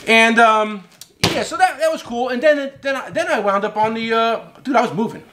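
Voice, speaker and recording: A man's voice: very high-pitched, normal speed, sharp tone. A middle-aged man hosting his own show, telling a long story in a loose, rambling way and swearing casually. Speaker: host and tool company owner.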